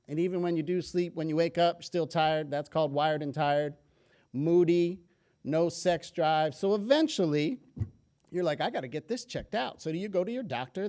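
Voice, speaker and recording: A man with a fairly high voice speaks to an audience from a stage. He delivers his talk as a story, full of humorous asides, with lively energy. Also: clean tone. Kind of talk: public health talk.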